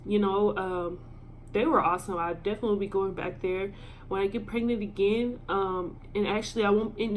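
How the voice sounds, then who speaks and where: A young woman with a drawl tells a personal story straight to her viewers. Her speech is casual and halting, full of ums, and her voice sits in an ordinary middle range. A faint hiss sits under her voice. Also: mid-range voice, fairly even intonation. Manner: halting and filler-heavy, emotional. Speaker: vlogger. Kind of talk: storytime vlog.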